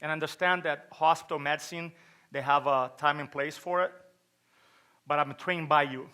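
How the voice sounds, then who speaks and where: A man's voice: fairly high pitch, steady tone, normal speed, sharp tone, smooth. A middle-aged man from Brazil with a Brazilian Portuguese accent, giving a motivational stage talk and telling a personal story, acting out quotes and asking the audience questions. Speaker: speaker at a chiropractic event.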